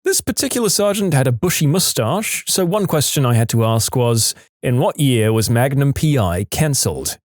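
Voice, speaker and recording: A man's voice: moderate pace, no echo, studio quality. A man reading listener stories aloud as scripted narration, lifting his voice for quoted characters. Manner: animated, jumps pitch for quoted voices.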